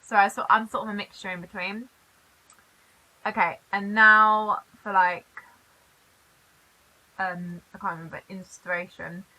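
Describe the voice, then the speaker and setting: A British woman from the UK chatting in a casual vlog, animated and quick to laugh. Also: medium pitch, low-quality recording. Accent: British English. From United Kingdom. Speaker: YouTuber.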